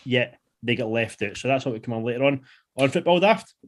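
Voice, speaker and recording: Man, podcast host, casual football chat, mid-pitched voice. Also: steady tone, fast, slight background noise. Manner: leads the talk, steers the questions.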